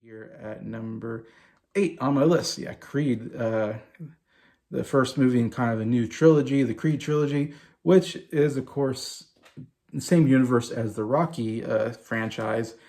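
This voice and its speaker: Male vlogger, forties, gushing movie fan, casual monologue with a touch of vocal fry. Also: medium pitch, measured pace, a little mellow. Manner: gushing, enthusiastic.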